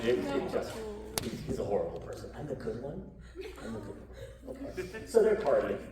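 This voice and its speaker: A woman's voice: a bass voice, fairly quick. Woman telling a story live, voice jumps all over, echoey room, mic far off. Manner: animated, joking asides, coaxing the crowd. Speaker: storyteller, comedian. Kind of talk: live comedic storybook reading with audience participation. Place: live show venue with audience.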